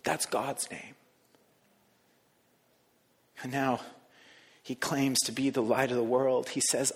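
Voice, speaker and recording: A man preaching a sermon, talking the congregation through an imagined scene, moving between hushed, soft lines and raised emphasis. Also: mid-range voice, flat delivery, slow, long pauses. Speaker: pastor. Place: church sanctuary. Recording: long reverb of a large hall.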